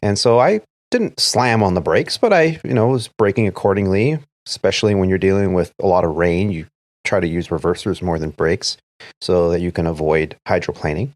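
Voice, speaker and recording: A man's voice: low-pitched, a little fast, no room sound. A man, an airline first officer, telling a story from work in a casual podcast chat, acting out the radio calls as he goes. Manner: recounts events step by step, acting out quoted radio calls.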